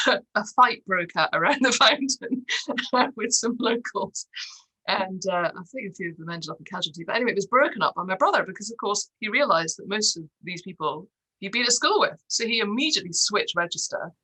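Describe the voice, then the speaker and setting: A woman's voice: medium pitch, animated, normal speed, sharp tone, husky, rough recording. A woman, an interview guest, chatting and telling anecdotes with frequent laughter. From Scotland. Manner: chatty storyteller, laughs often. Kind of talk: casual conversation.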